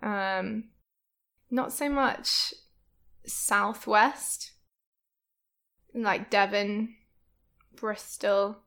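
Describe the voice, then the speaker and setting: A woman's voice: medium pitch, steady tone, extremely slow, creaky, pauses often, a bit bright. A woman guest in a casual podcast chat who laughs often.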